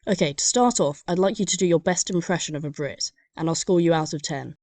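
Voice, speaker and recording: A woman's voice: lowish voice, fairly quick, a little mellow, dry recording. Dry-humoured woman narrator. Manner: dry, sardonic. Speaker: comedy narrator and animator. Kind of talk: scripted comedic narration.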